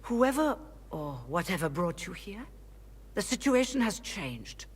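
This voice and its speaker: A woman voicing a weary, guarded mage leader in a video game, speaking in a measured, formal way. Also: mid-range voice, big pitch swings, a little hiss or hum. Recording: game audio with long reverb.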